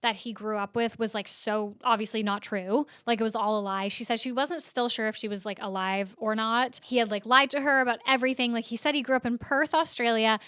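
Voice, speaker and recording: A woman's voice: on the high side, fairly even intonation, fairly quick, few pauses, a bit bright, clear, resonant tone, dry recording. A woman hosting a podcast, recapping internet news in a casual, chatty way full of "like" fillers. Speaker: podcast host.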